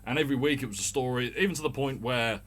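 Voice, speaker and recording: A man's voice: mid-range voice, fast talker, a bit bright. Chatty man with a mild Birmingham accent. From Birmingham, England. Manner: rambling, chatty, swearing. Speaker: podcast host. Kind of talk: casual solo rant.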